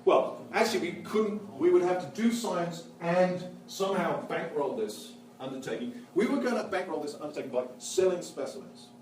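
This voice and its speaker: Hardly pausing, a man with a high voice at normal speed lectures in character as a witty Victorian naturalist, animated, theatrical and full of jokes in a lively mood. A little hiss or hum accompanies the echoey museum hall sound, captured from a distant mic.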